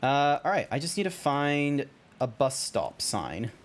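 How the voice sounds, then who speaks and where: An Australian man streaming a game, swearing freely in animated casual commentary and reading game dialogue aloud. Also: mid-range voice, a little slow.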